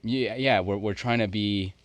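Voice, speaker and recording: A man's voice: fairly low pitch, fairly even intonation, normal speed, no room sound. A man co-hosting a podcast in casual chat, thinking aloud in long run-on sentences. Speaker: podcast co-host.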